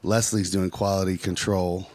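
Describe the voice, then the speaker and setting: A man from California leads a casual roundtable. His voice sits low and his manner is relaxed as he asks reflective questions. He is recorded dry and close. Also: moderate pace, dry recording. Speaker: podcast host.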